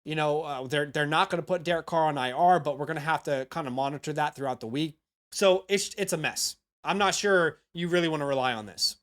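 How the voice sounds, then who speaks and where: A man hosting a fantasy football show works through his picks loosely and chattily, with plenty of asides to the viewer like "you know" and "all right?" The unscripted sports analysis comes in a fairly high-pitched, brisk voice with a fairly bright tone.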